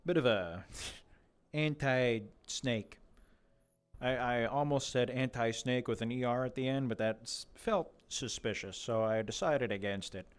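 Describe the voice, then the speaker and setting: A man's voice: mid-range voice, moderate pace, smooth. A young man streaming a game in casual, rambling chatter, joking and talking to animals, his voice a little worn. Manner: rambling, jokey, talks to animals in a mock interviewer voice. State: slightly losing his voice.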